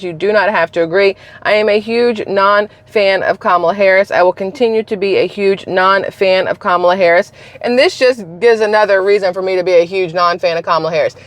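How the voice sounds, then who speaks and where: A woman's voice: medium pitch, no room sound. Woman vlogger, blunt and opinionated, casual talk, dry close sound. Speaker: channel host. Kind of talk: political commentary vlog.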